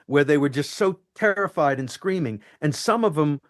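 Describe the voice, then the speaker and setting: Animated male actor telling set stories. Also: a little high, normal speed. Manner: animated, acts out quotes and lines. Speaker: actor guest. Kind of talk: anecdotal interview storytelling.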